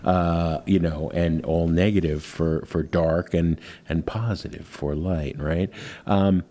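A man interviewing a musician in a relaxed, engaged way, summing up the guest's songs and their meaning. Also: deep voice, slow pace. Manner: engaged, sums up the guest's work. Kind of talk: casual interview talk.

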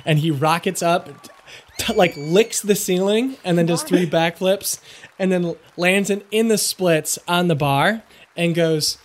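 A man narrating a comedy tabletop game as game master, animated and slipping into loud shouts for characters. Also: high-pitched, a little slow.

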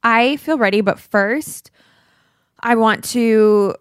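A woman co-hosting a podcast in casual chat, telling stories in an animated way with lots of "like" fillers. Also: a little high, takes it slowly, smooth, no echo, clean studio sound. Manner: animated storyteller who acts out quotes, heavy "like" fillers. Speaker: podcast co-host.

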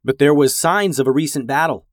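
Male storyteller, expressive and animated, close dry mic. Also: fairly high pitch, fairly quick, dry recording. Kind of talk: storybook narration.

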